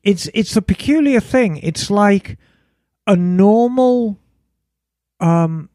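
A woman with an English accent co-hosting a casual podcast chat, often pausing with fillers as she searches for words. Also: medium pitch, warm tone, dry recording, clean studio sound. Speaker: podcast co-host.

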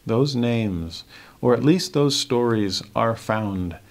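A man teaching a scripture lesson, earnest, reading verses slowly and softly. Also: mid-range voice, expressive.

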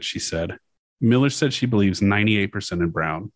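A young man hosting a podcast, casually chatting and reading news quotes aloud, swearing and pausing with fillers. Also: lowish voice, lively intonation, no room sound. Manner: casual, profane, halting with fillers. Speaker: podcast host.

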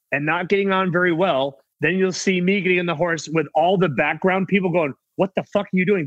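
A middle-aged man telling casual stories as a guest actor, rambling with many restarts and quick impressions of other people. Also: sits high, dry recording, lo-fi sound. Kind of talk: casual anecdotal storytelling.

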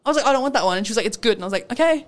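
Australian woman, young, high voice, very animated, laughing storyteller. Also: rapid-fire. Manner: animated, laughs often, acts out dialogue. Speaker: radio show co-host. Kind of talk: casual storytelling chat.

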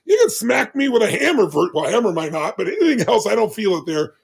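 A man in his sixties, appearing as a podcast guest, tells stories emphatically and dramatically in a gravelly, husky voice. He speaks fast and sing-song, with big swings of pitch, animating the conversation.

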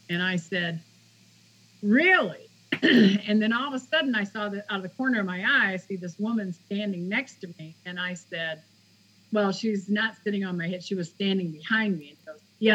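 A woman guest tells a personal story in an easy, conversational way. She acts out each quoted exchange as she goes. Her voice sits at a middling pitch, and the recording sounds a little dull and lo-fi. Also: fairly bright tone. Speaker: guest author. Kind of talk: casual storytelling interview.

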